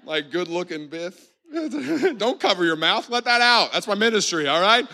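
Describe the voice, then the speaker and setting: A man in his twenties from the US Bible Belt does stand-up for a live audience in a church hall. His high, expressive voice is pushed and bright with vocal fry at a moderate pace, and he laughs at his own jokes while addressing the crowd directly.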